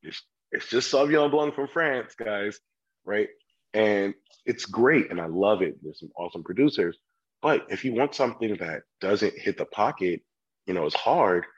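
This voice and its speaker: A man with a somewhat low, husky voice chats easily as a sommelier guest. He tells lively stories and pops into customers' voices along the way. The sound is a little dull and lo-fi. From California. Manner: animated storyteller, acts out customers' voices. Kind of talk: casual chat.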